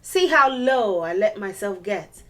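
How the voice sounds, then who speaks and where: A woman's voice: mid-range voice, expressive, a little slow, pushed and bright. A young adult woman giving a casual video language lesson, explaining patiently and repeating each step. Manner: explains patiently, repeats steps and sings a little memory song. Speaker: language teacher.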